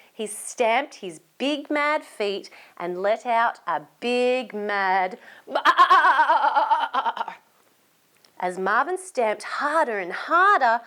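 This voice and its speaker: A woman from Australia reading a storybook aloud to young children, animated and inviting them to join in. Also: a little high.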